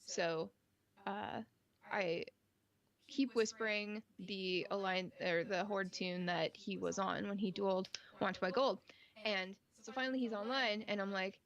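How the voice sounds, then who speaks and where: With a medium-pitched voice and a measured pace, this podcast co-host animatedly recounts a gaming story, leaning heavily on "like" and other fillers. High frequencies are missing from the recording.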